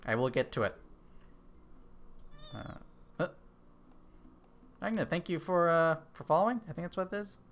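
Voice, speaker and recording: A man's voice: a little high, animated, normal speed, long pauses. Chatty male game streamer thinking aloud. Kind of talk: casual live-stream chat while gaming. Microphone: desk microphone.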